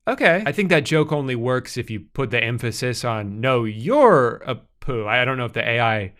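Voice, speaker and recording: A man's voice: medium pitch, fairly quick, smooth. A young man doing comedic internet commentary in a sarcastic, storytelling way. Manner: sarcastic, animated storytelling with mock voices. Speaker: commentary YouTuber.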